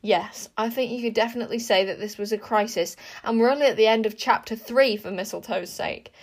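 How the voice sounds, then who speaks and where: A woman narrating a children's fantasy book aloud, lively and expressive, with chatty asides to the listener. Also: a little high, brisk. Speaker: audiobook reader. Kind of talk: storybook narration.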